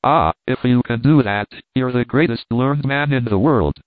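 A man's voice: medium pitch, moderate pace, no echo, natural voice. A man voicing a loyal, practical servant who speaks earnestly and plainly. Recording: tinny phone-like dry sound.

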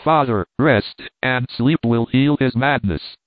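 A man voicing a timid young girl softly pleading for her brother, with a tinny phone-like sound. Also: mid-range voice, slow pace, dry recording, lightly acted. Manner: timid and soft.

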